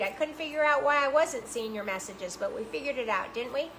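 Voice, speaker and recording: A woman's voice: high voice, fairly quick, hardly any pauses, a bit bright, slight background noise, low-quality recording. A middle-aged woman streaming a cooking demo live from her home kitchen, chatting with her viewers as she works.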